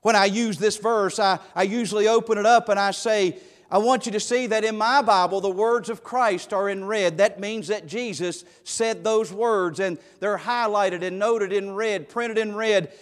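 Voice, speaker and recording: A man's voice: high-pitched, steady tone, moderate pace. A man preaching a sermon as pastor, emphatic and repeating key phrases for weight. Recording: long hall reverb.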